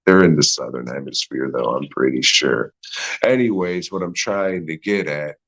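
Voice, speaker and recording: A man's voice: very deep voice, moderate pace, a bit bright. A man hosting a podcast alone, rambling through a profane, sarcastic movie review and laughing at his own jokes. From United States. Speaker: podcast host. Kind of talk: solo movie review rant.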